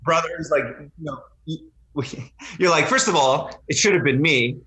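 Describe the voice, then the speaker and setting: A man in his thirties tells lively, animated stories and slips into the voices of the people he quotes. His voice sits a little high and has a bright, forceful edge, and it bounces around a noticeably echoey room. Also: unhurried. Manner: animated storyteller who acts out quoted lines. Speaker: podcast guest, retired Army helicopter pilot. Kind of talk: casual storytelling chat.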